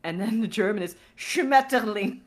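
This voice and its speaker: Dutch-accented young woman, podcast guest, low-pitched, easy laughter, casual. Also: lively intonation, normal speed, slight background noise. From Netherlands. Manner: chatty, laughs often. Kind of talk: casual chat.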